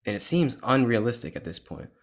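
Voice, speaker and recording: A man's voice: mid-range voice, sing-song, fairly quick. A man hosting a podcast, talking in an earnest, emphatic way in a casual conversation. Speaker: podcast host.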